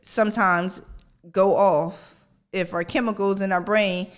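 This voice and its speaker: A middle-aged woman hosting a parenting radio show in a casual, conversational way. She keeps checking in with "right?" and acts out her own yelling. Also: mid-range voice, steady tone, a little slow. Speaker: podcast host. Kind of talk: casual talk-radio monologue.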